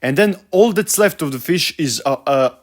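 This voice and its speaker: A man's voice: a little high, expressive, normal speed. A young man ranting about a book he hates, profane and exasperated, stumbling over his words with many fillers. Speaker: vlogger.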